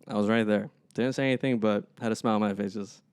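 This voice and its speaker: A man's voice: lowish voice, fast talker, clear, resonant tone. A young man, a podcast co-host, telling stories in a casual chat and acting out the people in them. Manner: animated, acts out people in his stories.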